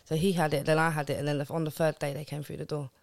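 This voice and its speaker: A woman with a gravelly, creaky voice, speaking in a plain, matter-of-fact way. The sound is dry and close, with no room echo. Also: deep voice, level tone, very fast. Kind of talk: casual chat.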